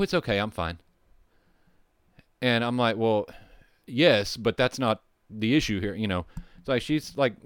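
A man's voice: medium pitch, smooth, no room sound, clean studio sound. A man telling a rambling, profane story from his firefighting job, with restarts and asides. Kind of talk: casual storytelling.

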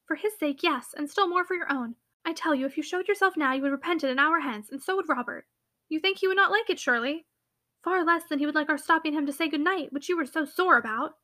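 A woman's voice: high voice, bright, forceful tone. A woman voicing a spirited, commanding young heiress who speaks firmly and a little sternly in a classic novel reading. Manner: firm, brisk, slightly stern.

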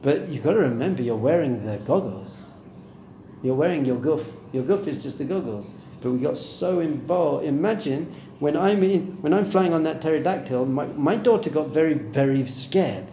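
Speaking at normal speed with lively intonation, a middle-aged spiritual teacher leads a Torah class on meditation before a live audience, keeping it conversational and posing questions to the room. His fairly high voice is mellow, and the recording is reverberant with a little hiss or hum.

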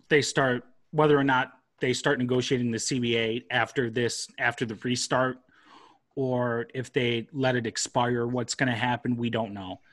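A man's voice: medium pitch, fairly bright tone. A young man hosting a casual podcast, ranting with lots of swearing, recorded on a laptop mic. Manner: profane, ranting. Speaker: podcast host.

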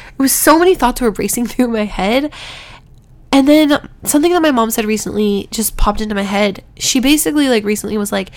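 A woman's voice: on the high side, creaky. Chatty congested young woman vlogging. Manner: chatty, rambling, laughs between words. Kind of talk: casual storytime vlog.

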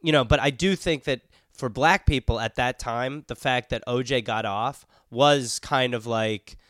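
Man, podcast co-host, wry deadpan banter, casual chat, dry close mic. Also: medium pitch, measured pace, no echo.

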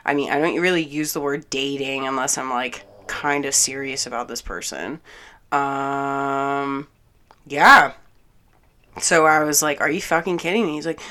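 Low-voiced woman ranting a storytime. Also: moderate pace. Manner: animated, swears a lot, acts out both sides of the argument. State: angry and exasperated. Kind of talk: casual storytime rant.

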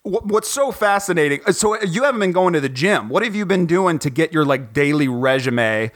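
A man from Ohio hosting a podcast from home, chatting casually in an animated, joking, rambling way with lots of fillers. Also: a little high, brisk. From Ohio, USA. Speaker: podcast host. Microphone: recording from home, guest on the phone.

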